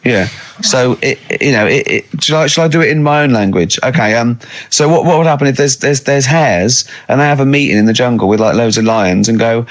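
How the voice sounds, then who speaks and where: A man's voice: mid-range voice, a little fast. Laughing man hosting a chat show. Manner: playful, laughs often, explains with many restarts. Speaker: radio show host. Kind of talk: casual radio chat.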